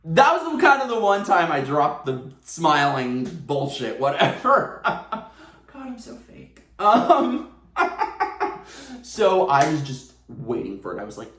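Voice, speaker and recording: A man telling a casual storytime at home, animated and sarcastic, laughing often. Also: a little high, slow pace. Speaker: vlogger. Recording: roomy echo.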